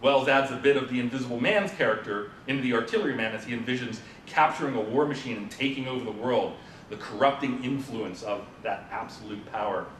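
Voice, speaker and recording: A man's voice: fairly quick, fairly bright tone. A man giving an informal conference presentation, talking the audience through a story and asking them questions. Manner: informal lecturing with fillers, asks the audience questions. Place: presentation room at a symposium. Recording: roomy, from a distant mic, faint rumble.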